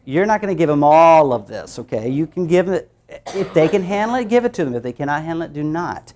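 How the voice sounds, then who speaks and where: A man training teachers in a workshop, talking lively and sounding out letter sounds for them. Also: a little high, fairly quick. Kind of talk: workshop presentation.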